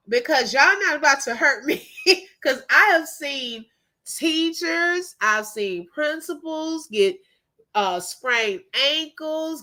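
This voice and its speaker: Bright, animated woman live-streaming. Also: sits high. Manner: animated, laughs often, greets viewers. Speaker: livestream host. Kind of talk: casual live-stream chat.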